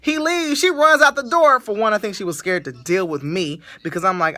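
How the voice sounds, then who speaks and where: A woman hosting a casual podcast, telling a story in an animated way and laughing often. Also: medium pitch, fairly quick. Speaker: podcast host.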